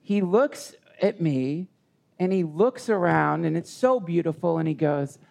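A man telling a personal story in conversation, earnest and halting with many restarts. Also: fairly high pitch, vocal fry, a little mellow. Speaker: guest.

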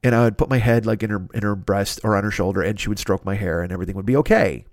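A man's voice: fairly low pitch, racing, dry recording, studio quality. A man hosting a podcast, telling a comedic story in a profane, ranting, self-mocking way. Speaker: podcast host.

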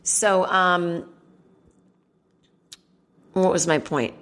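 A woman's voice: fairly low pitch, steady tone, extremely slow, a bit bright. A woman hosting a comedy podcast from home, chatting casually and rambling with lots of fillers and asides. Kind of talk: casual solo chat.

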